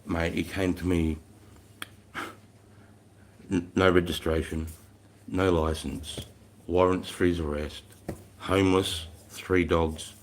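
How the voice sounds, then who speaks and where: A man's voice: sits low, level tone, slow, pauses often, slight background noise. Blunt, foul-mouthed Australian man. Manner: frank, rambling, heavy swearing. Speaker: military veteran hosting a live stream. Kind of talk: casual storytelling chat.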